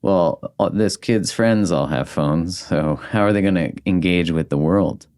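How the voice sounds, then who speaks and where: A man's voice: sits low, measured pace, a little mellow, clear, resonant tone, no echo, studio quality. A man hosting a podcast, talking candidly and reflectively in casual conversation, swearing now and then. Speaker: podcast host.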